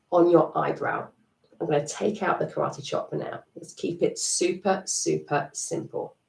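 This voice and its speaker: Lively, chatty woman coach. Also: fairly low pitch, creaky. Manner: chatty and encouraging, laughs at herself. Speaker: EFT tapping coach. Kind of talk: live-stream coaching talk. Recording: echoey room, distant mic.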